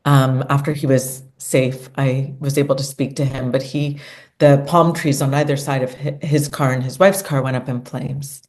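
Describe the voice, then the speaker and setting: A woman's voice: rumbling low, fairly even intonation, moderate pace, a little mellow. A middle-aged woman recounting a personal experience in an earnest, emotional way as an interview guest. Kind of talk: conversational interview storytelling.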